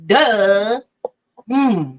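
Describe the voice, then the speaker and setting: A woman's voice: mid-range voice, expressive, extremely slow, low-quality recording. A woman hosting a casual craft livestream, chatting to viewers by name, laughing often and teasing herself. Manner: self-deprecating and giggly.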